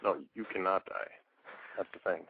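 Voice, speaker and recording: A man calling in to a radio show, talking in a hesitant, halting way. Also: sits low, fairly even intonation, husky, dry recording, narrow, tinny audio. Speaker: caller. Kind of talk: call-in talk radio.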